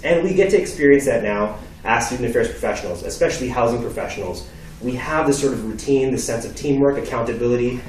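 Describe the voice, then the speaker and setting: A young man from Canada giving a storytelling talk, acting out dialogue with lively delivery. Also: mid-range voice, a little hiss or hum. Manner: animated, acts out dialogue. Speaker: speaker. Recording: echoey hall from far off.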